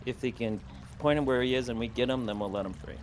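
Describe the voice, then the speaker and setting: A man's voice: mid-range voice, fast. A man playing a tabletop game, talking casually and questioning the others in a cautious way. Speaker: player.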